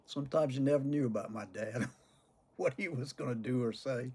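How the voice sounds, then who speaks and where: An older man, a cigar vlogger, talks to camera about cigars and tells childhood stories in a husky, mid-range voice with a darkish tone at normal speed. He chuckles often as he goes.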